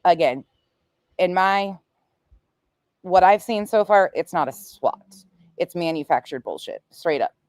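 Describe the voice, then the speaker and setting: A woman's voice: fairly low pitch, unhurried, long pauses, no room sound, clean studio sound. A woman in her forties, a true crime streamer, telling stories in casual, blunt and profane livestream chat. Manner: blunt and profane, animated storytelling.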